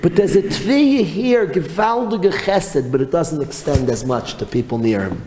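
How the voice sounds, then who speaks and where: A man teaching a Torah class as a rabbi, telling stories in an animated way and mixing in Hebrew and Yiddish terms. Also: a little high, normal speed. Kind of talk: storytelling Torah lecture. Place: yeshiva hall. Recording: reverberant hall with faint noise.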